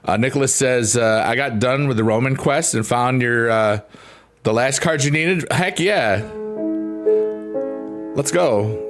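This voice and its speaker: A man's voice: medium pitch, unhurried, long pauses. A man streaming live, chatting casually and playfully with his viewers, rambling and laughing often. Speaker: livestreamer. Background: soft piano.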